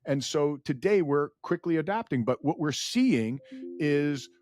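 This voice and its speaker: A man in his forties, a company founder telling stories as a podcast guest in an earnest, animated way. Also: measured pace, no echo, studio quality. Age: 40s. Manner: earnest, animated storyteller, rises in pitch when emotional. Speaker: guest, data center founder. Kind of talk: podcast interview storytelling.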